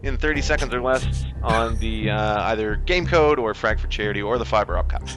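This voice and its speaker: A man's voice: lowish voice, a little fast, over music. A Canadian man hosting a casual live-stream show, full of joking, upbeat game-show patter. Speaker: host.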